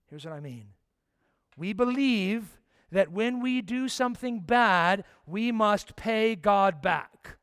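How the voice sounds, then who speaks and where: A male pastor with a high voice delivers an impassioned sermon. He swings between forceful emphasis and hushed, almost whispered lines, often putting questions straight to his listeners. The sound is dry and close. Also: dry recording. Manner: direct questions to the congregation.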